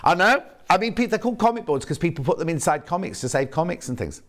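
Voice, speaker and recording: A man's voice: on the high side, sing-song, fast, a bit bright. A man presenting on a live shopping channel from a TV studio, chatting rambly to viewers and correcting himself as he goes. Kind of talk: live sales presenting, reading viewer messages.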